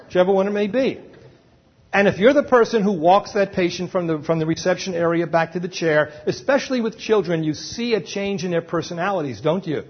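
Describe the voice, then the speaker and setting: A man's voice: high-pitched, brisk, breathy edge, muffled recording. A man giving a live lecture on dental emergencies to a roomful of dental staff, emphatic and often checking in with the audience.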